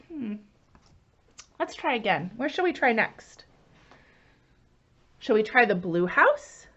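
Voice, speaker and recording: Animated woman librarian, lively singsong. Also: fairly high pitch, dull audio. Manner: animated, singsong, asks the children questions. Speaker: children's librarian. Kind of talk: children's story time lesson.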